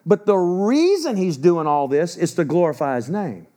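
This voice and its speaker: A man in his sixties preaching a sermon, emphatic, swinging between loud urgency and low, grave warnings. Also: expressive, moderate pace. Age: 60s.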